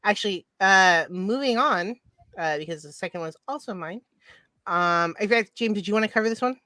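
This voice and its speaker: A woman from Ireland hosts a live podcast chat, reading pop culture news with an excitable, restarting manner. Her voice sits in a middle register, recorded dry and close with no room sound. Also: mid-range voice, moderate pace, no room sound. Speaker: podcast co-host.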